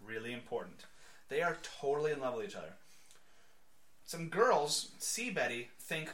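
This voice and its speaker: A man's voice: mid-range voice, moderate pace, pauses often. A man co-hosting a casual podcast, chatting about comics, laughing often and acting out lines. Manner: animated, laughs often, acts out quotes. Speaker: podcast co-host. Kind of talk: casual comic book chat.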